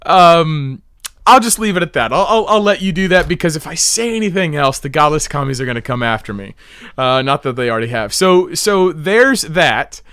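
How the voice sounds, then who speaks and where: A man's voice: a little high, lively intonation, normal speed, a bit bright, smooth, no room sound, studio quality. A man hosting a livestream, rambling and mocking, often laughing at his own jokes. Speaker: livestream host. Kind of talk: livestream commentary.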